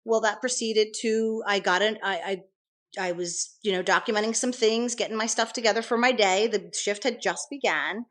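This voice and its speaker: A middle-aged nurse, interviewed as a guest, tells her story in earnest detail with frequent restarts. Her voice is medium-pitched and a bit bright, at a moderate pace, in conversational interview storytelling.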